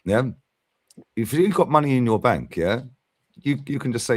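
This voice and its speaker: A man's voice: mid-range voice, lively intonation, normal speed, darkish tone, no echo, clean studio sound. A man hosting a casual football fan chat, blunt and sweary, tagging "yeah?" onto his points. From London. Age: 40s. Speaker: fan channel host.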